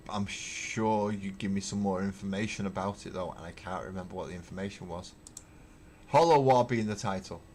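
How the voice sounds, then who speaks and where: Man, deep voice, rambling livestream chat, webcam at home, faint room hiss. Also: a little fast, a little mellow. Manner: rambling, wry, thinks aloud with fillers. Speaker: livestreaming miniature painter. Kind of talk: casual livestream chat, answering viewer comments.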